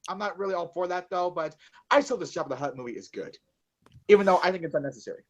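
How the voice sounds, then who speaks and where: A man's voice: high voice, animated, racing. A man co-hosting a casual podcast about movies, rambling with many fillers and swearing. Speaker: podcast co-host.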